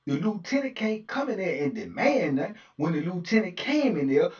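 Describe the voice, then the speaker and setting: A man casually telling an animated, slang-filled story and laughing often. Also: on the high side. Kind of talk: casual anecdote. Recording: distant dull lo-fi recording.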